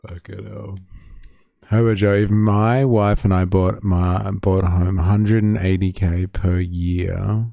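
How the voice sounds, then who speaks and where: Brief: Australian male streamer, low gravelly voice, swears freely, dry close sound. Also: level tone, slow, dark tone, no room sound. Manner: sweary, blunt and sarcastic. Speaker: livestream host. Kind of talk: casual reaction commentary.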